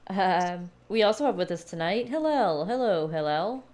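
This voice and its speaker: A woman hosting a casual online movie night chat, laughing often and filling pauses with "uh". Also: lowish voice, expressive, darkish tone. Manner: giggly, frequent laughs and fillers. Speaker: host.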